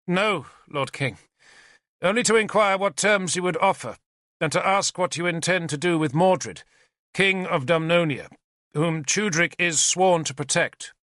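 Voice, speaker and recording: A man voicing a calm, dutiful warrior envoy who speaks formally and pleads in an audiobook. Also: sits high, measured pace, no echo, clean studio sound, voice pushed up. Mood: earnest.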